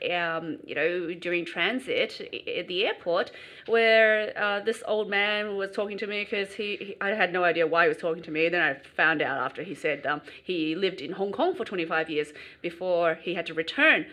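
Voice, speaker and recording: Woman, podcast host, giggly, very bright voice. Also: on the low side, moderate pace. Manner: bubbly, giggly, many fillers. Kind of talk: casual podcast chat.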